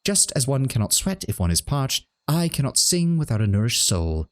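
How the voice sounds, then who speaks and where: A man's voice: medium pitch, sing-song, normal speed, voice pushed up, natural voice. A man reading as a vain sing-song Orlan singer. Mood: lecturing. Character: vain, silly small male Orlan singer. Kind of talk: reading game dialogue aloud.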